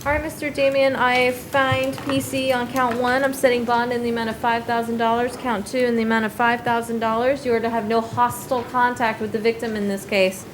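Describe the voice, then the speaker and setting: A woman judge runs a bond hearing in a courtroom, her voice sitting a little high. She reads conditions in a brisk, procedural way, slowing to spell them out. A faint hum of room noise sits behind her. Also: flat delivery.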